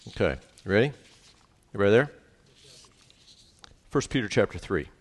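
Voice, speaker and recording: Deep-voiced man preaching in a reverberant hall. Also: normal speed. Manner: lively, conversational preaching with frequent "right?" asides. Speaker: pastor. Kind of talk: sermon.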